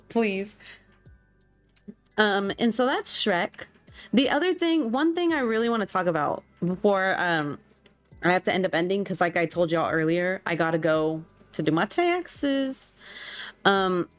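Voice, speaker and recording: A young woman streamer rambles in loose, slang-filled chat as she plays, her voice sitting at an ordinary middle pitch. She jumps between topics with quick exclamations. Soft music plays low behind her. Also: expressive. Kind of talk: casual chat while gaming.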